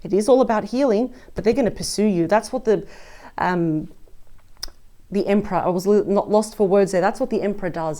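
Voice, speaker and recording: A woman's voice: mid-range voice, lively intonation, normal speed, darkish tone. A woman giving a casual tarot reading, chatty and full of exclamations, speaking straight to her listener. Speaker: tarot reader.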